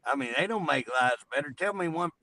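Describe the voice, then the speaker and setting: Man, folksy storyteller, casual chat, bright tone. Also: fairly high pitch, expressive, fairly quick, rough recording. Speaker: co-host. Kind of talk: casual talk show chat.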